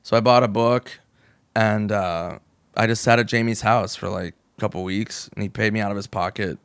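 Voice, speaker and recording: A man's voice: on the low side, steady tone, normal speed, a bit bright, clear, resonant tone, no room sound. Man, 40s, from the US, comedian guest, casual storytelling, swears a lot, acts out quotes, dry close sound. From United States. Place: podcast studio.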